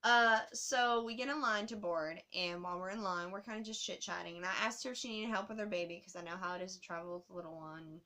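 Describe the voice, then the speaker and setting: A woman telling a travel story to her camera in a casual, animated way, swearing often. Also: medium pitch, fast talker, few pauses.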